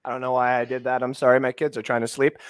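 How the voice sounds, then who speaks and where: A Canadian man in his thirties co-hosting a sports podcast, ranting with heavy swearing, swinging from shouting to muttering. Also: mid-range voice, completely flat delivery, fast talker, smooth. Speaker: fantasy sports podcast co-host.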